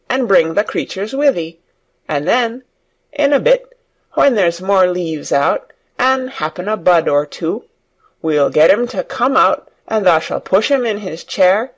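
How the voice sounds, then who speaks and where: A reader doing a cheerful country farm boy. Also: mid-range voice. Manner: broad country dialect, eager. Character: cheerful Yorkshire farm boy, nature-loving. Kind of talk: audiobook reading for learners.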